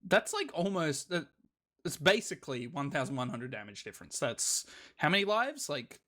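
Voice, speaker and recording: A man's voice: on the high side, very animated, normal speed, pushed and bright. Laid-back man casting esports. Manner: laid-back, self-deprecating, laughs often. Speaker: esports play-by-play caster. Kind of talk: live esports commentary.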